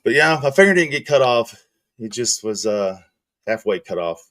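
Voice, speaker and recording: A man's voice: medium pitch, animated, normal speed, fairly bright tone, no echo. A middle-aged man telling rambling, profane work stories in casual chat as a stream host. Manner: rambling, profane, laid-back.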